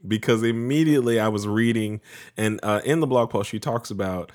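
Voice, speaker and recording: A man co-hosting a casual podcast, deep-voiced and a bit congested from allergies, meandering and self-correcting as he talks. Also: brisk, darkish tone. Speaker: podcast co-host.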